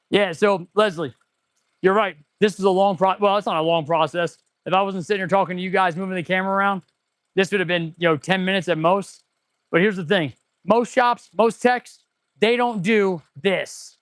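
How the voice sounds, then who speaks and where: An excitable mechanic streaming live from his repair shop, rambling to viewers as he tests parts. His voice sits high for a man and sounds dry and close on a clip-on mic. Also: moderate pace, dry recording. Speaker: auto mechanic and shop owner hosting a livestream. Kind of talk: casual livestream chat while working. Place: auto repair shop, indoors.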